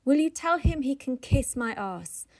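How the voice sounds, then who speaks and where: A woman reading the part of a blunt, brusque male newspaper editor, gruff and dismissive. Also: medium pitch, unhurried, darkish tone.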